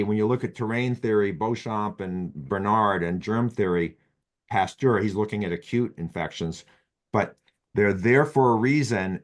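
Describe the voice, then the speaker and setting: A man with a Boston accent talking casually on a podcast, rambling with frequent restarts and "you know" as he explains medical ideas. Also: on the low side. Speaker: physician guest.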